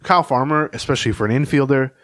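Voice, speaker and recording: A man's voice: mid-range voice, very fast, a bit bright, no room sound, clean studio sound. A man co-hosting a casual sports podcast, telling long anecdotes in a rambling, storytelling way. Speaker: podcast co-host and beat reporter.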